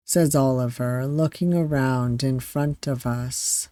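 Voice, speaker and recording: A game streamer reading a visual novel aloud, deliberate and measured, with the odd self-aware aside. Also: medium pitch, steady tone, warm tone, no echo, studio quality.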